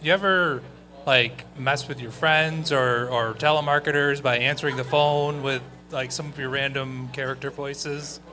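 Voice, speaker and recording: Hesitant bright-voiced man in the audience. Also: medium pitch, steady tone, moderate pace, faint music behind. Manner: hesitant, rambling. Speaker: audience member asking a question. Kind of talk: casual question from the crowd.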